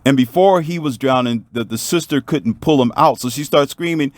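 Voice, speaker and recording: Man vlogger, mid pitch, emphatic preachy storyteller, dry sound. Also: a little fast, hardly any pauses, no echo. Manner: emphatic, preachy, talks straight to the viewer. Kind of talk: motivational storytelling monologue.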